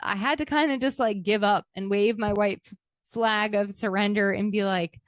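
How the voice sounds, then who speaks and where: A woman's voice: medium pitch, steady tone, moderate pace, no room sound, studio quality. A woman hosting her own podcast, speaking candidly and reflectively, sometimes emotional. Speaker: podcast host. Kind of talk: reflective personal podcast talk.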